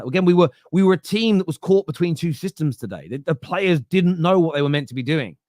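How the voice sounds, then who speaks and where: A fan football podcast host reads viewer comments in a casual live-stream, blunt and opinionated. His voice sits on the high side, and he often starts with "uh" and restarts sentences, recorded in studio quality with no echo.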